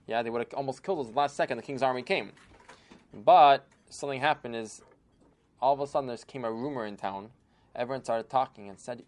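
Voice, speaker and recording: A man telling a folk tale aloud in an animated manner, with sudden emphatic bursts. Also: medium pitch, fast talker. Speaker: storyteller. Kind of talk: oral storytelling.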